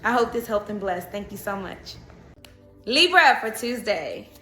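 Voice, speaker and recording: Chatty bright-voiced woman reading tarot. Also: mid-range voice, lively intonation, measured pace, reverberant, faint music behind. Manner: chatty, laughs and breaks into song. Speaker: tarot reader.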